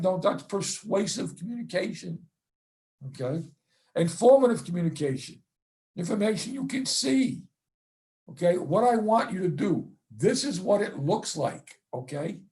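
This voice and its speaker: A man's voice: a little high, a little mellow. A middle-aged man giving a football coaching clinic talk, blunt and profane, ending his points with "okay?" and "right?".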